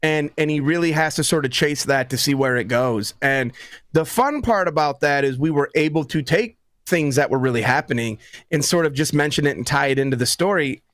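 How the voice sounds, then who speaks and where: Animated storytelling man on a call. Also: fairly high pitch, a little fast, no room sound, studio quality. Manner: lively storyteller who acts out quotes. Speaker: author guest. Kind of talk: casual interview chat.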